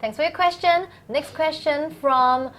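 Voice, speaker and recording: A woman's voice: high voice, unhurried, a bit bright. Chatty woman hosting a live Q&A. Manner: chatty, playful, laughs often. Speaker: host.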